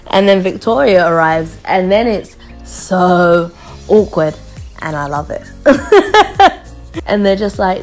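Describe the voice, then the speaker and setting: A woman casually recapping a TV episode, chatty and quick to laugh, mimicking the people she quotes. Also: lowish voice, faint music behind. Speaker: vlogger reviewing a TV show.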